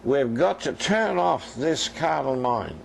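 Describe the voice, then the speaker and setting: An older man preaches a sermon, his voice gravelly and his pitch rising and falling with lively movement. He tells stories and acts out their conversations as he speaks straight to the congregation. A faint hiss of noise sits behind him. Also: takes it slowly, rough recording. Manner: storytelling preacher acting out dialogue, addressing the congregation directly. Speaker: minister.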